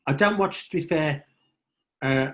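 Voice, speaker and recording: A man's voice: a little high, a little slow. A man from Birmingham with a Birmingham accent, an actor talking as a podcast guest in a rambling way with many restarts. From Birmingham, England. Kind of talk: casual podcast chat.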